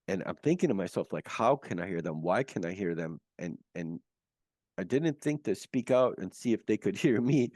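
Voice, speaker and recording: A man recounting his near-death experience as an interview guest, earnest and halting with many restarts, on a video call. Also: lowish voice, a little mellow, dry recording, studio quality.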